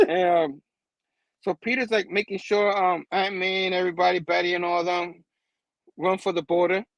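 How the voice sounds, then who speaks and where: A man with a high voice hosts a laid-back comic book show, excitedly walking through the plot. He laughs often and keeps checking in with his listener. The recording is dry and close. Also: moderate pace, gravelly, no room sound, lo-fi sound. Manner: animated, laughs often, keeps asking "you know what I mean". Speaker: host. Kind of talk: casual comic book recap.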